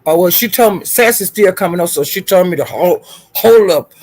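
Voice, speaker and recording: A woman's voice: fairly low pitch, expressive, moderate pace, darkish tone. Flustered woman on a live stream. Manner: frantic, swearing, laughing, calling to viewers for help. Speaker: livestream host.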